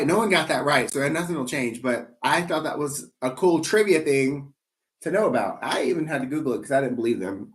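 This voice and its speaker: A man's voice: fairly high pitch, fairly bright tone. A man hosting a live trivia game, playful and rambling, teasing himself in asides between questions.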